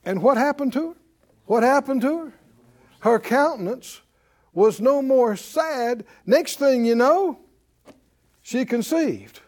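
A man delivers a sermon with a notably high, very animated voice that climbs and dips constantly. He talks conversationally and keeps prodding his congregation with questions. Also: slow, pauses often. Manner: conversational preaching, calls out to congregation. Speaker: preacher.

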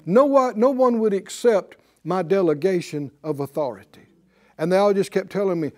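A man preaching a sermon as pastor, animated and asking the congregation rhetorical questions. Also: high voice, moderate pace.

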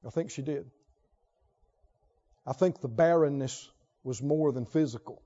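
A man preaching a sermon emphatically, swinging between loud declarations and hushed lines. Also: medium pitch, unhurried, lo-fi sound. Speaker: pastor.

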